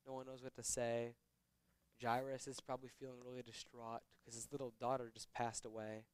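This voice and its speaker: A man reading scripture verses aloud and explaining them in a relaxed, conversational teaching style. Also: mid-range voice, smooth. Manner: reads verses slowly then explains in casual, conversational asides. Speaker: Bible teacher.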